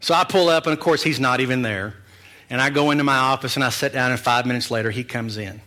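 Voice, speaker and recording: Bright-voiced pastor telling a story. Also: male voice, medium pitch, fast. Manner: animated, humorous storytelling with self-mocking asides. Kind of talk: storytelling sermon.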